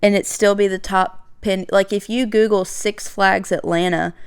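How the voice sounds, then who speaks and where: A woman with a Southern US accent co-hosting a casual podcast, joking in a dry, deadpan way. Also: mid-range voice, moderate pace, clear, resonant tone. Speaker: podcast co-host. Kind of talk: casual chat.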